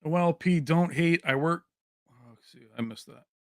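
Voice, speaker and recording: A man's voice: fairly high pitch, moderate pace, no room sound, clean studio sound. A man hosting a casual livestream, reading out viewers' names and locations and joking with the chat. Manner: chatty, reads names and places aloud, jokey. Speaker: livestream host.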